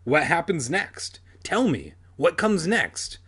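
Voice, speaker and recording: A man's voice: sing-song, takes it slowly, a bit bright, breathy edge, heavily acted. A man reading aloud and voicing a scared young girl in a raised, trembling voice. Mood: frightened. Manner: high and trembling.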